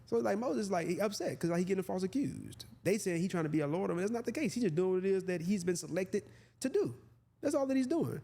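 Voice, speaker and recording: A man's voice: high-pitched, expressive, fast, creaky, mellow. A man hosting a podcast who reads scripture aloud and explains it in a conversational way, laughing often. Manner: conversational, laughs often, frequent "you know what I mean". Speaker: podcast host.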